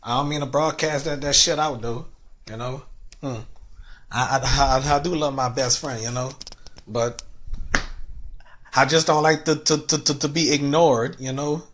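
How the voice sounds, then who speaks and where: A man, upset and near tears, talking through a rambling livestream monologue, stammering and repeating words and closing phrases with a soft, trailing "you know?". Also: mid-range voice, fairly even intonation, unhurried, long pauses.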